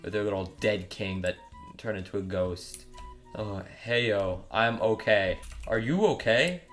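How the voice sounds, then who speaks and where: A man's voice: fairly low pitch, measured pace, fairly bright tone, faint music behind. A young man giving crude, mocking commentary while trolling other players in an online game. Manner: joking, mocking, crude humor. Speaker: gaming YouTuber.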